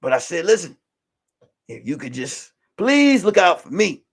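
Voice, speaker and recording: A man with a high voice tells a story on his own stream. His pitch leaps all over the place. He talks in a loose, profane way that drops to hushed whispers and then bursts into shouts. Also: sing-song, unhurried, creaky, breathy edge. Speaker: show host. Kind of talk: casual storytelling on a livestream.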